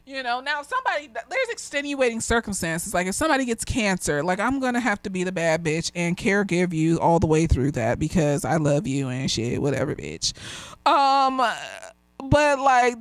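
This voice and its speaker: A woman's voice: a little high, no echo. A woman who is a therapist, slightly tipsy, talking bluntly and with lots of swearing in a casual video review, swinging between ranting and gushing.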